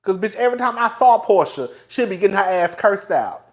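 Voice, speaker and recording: A man hosts a loose live-stream commentary, his pitch leaping up and down as he goes. He is chatty and profane, breaks into laughter often, and keeps talking straight to his viewers. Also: fairly quick. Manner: animated, profane, laughs often between remarks; chatty, talks straight to viewers as "girl" and "y'all". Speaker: host.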